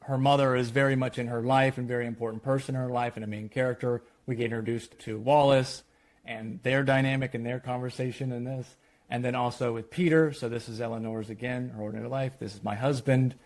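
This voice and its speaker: A man, a screenwriter, walking through a screenplay treatment in a lively retelling that quotes the characters. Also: medium pitch, a little fast. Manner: animated retelling, quoting characters.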